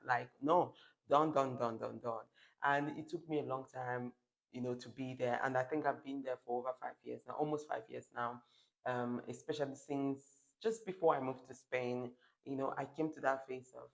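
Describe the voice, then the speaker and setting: A woman's voice: a bass voice, normal speed, rough recording. Blunt, swearing woman vlogger in her thirties. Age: 30s. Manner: blunt, swears freely, animated and emphatic. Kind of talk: casual vlog monologue. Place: lives in Spain.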